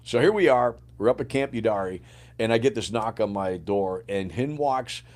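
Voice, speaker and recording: A man's voice: fairly low pitch, normal speed. Casual, profane middle-aged man telling war stories. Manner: profane, animated, acts out quoted dialogue. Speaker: podcast guest, former Green Beret sergeant major. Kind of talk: casual storytelling.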